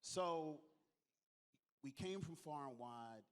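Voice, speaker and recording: A man's voice: a little high, expressive, slow. Man storytelling on a convention stage. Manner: storytelling, joking, calls on the audience to applaud. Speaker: convention organizer giving closing speech. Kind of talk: lively onstage speech to a crowd.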